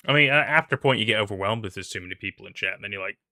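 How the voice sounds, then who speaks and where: A man hosts a casual livestream on a headset, his low voice gravelly and his tone bright. He talks excitably and often trails off mid-sentence, with a dry, close sound. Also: rapid-fire, dry recording. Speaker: stream host.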